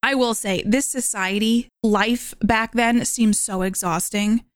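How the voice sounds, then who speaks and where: A young woman with a fairly high voice chats through her take on a film like she's talking to a friend. She's animated, full of "like"s and asides. The sound is dry and close, with no room around her. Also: slow pace, dry recording. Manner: chatty, animated, lots of "like". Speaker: podcast host. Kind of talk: casual movie review monologue.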